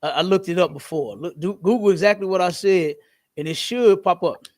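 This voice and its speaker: A man's voice: high-pitched, fairly quick, darkish tone. A man teaching a class in a loose, casual way, telling stories and swearing freely. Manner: loose, profane, storytelling.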